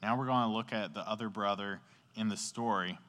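Speaking fairly quickly in a lowish, fairly bright voice, this man preaches informally to young people, using slang and a chatty style as he narrates and quizzes his listeners. The echoey hall sits beside a sports field, with rain coming down outside.

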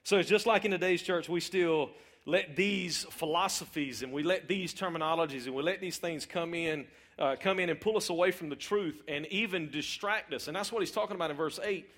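A man's voice: a little high, fairly quick, fairly bright tone. A middle-aged man, preaching an informal, conversational sermon in church and checking in with his listeners. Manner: conversational, repeats words, asks the audience questions.

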